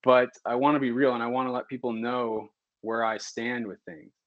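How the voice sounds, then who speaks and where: A candid physician talking on a podcast, getting more and more heated and animated as he goes. His voice sits at an ordinary pitch for a man. The recording is dry and slightly muffled. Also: normal speed, no echo. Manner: candid and animated, works himself into heated rants. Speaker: physician guest. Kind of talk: casual podcast conversation.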